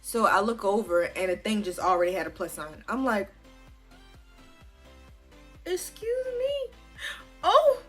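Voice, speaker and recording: A woman's voice: on the low side, brisk, few pauses, fairly bright tone, soft background music. A woman, chatting casually and animatedly to her viewers as she tells a personal story, swearing freely along the way. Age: 20s. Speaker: vlogger.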